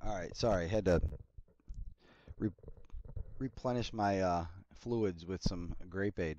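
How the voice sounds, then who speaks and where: A man hosting a card break, reading player names in a steady list between casual chatty asides. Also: low voice, takes it slowly, pauses often, slight background noise, low-quality recording. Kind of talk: casual running commentary while opening card packs.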